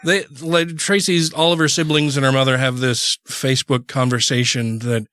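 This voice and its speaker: A man's voice: medium pitch, fairly even intonation, moderate pace, a bit bright, clear, resonant tone, no room sound, studio quality. Rambling man telling a story on a podcast. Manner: rambling, many restarts and "you know"s. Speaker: podcast co-host. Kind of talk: casual storytelling.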